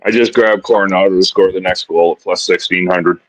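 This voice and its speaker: A man co-hosting a live hockey betting stream, chatty and excitable, laughing often. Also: low voice, fairly quick, no echo. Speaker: co-host of betting show. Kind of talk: casual live betting chat.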